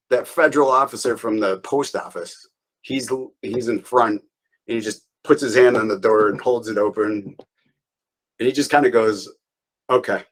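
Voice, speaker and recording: A man's voice: medium pitch, a bit bright, low-quality recording. A man being interviewed, telling a long story in a loose, rambling way with restarts and small laughs. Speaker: interview guest.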